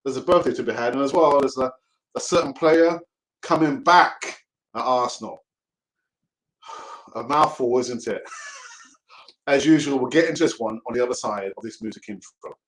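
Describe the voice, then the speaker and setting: A man's voice: mid-range voice, normal speed, pauses often, poor audio. A young man hosting a fan channel's live show, talking in a chatty, jokey, rambling way and often restarting his sentences. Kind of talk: casual live show talk.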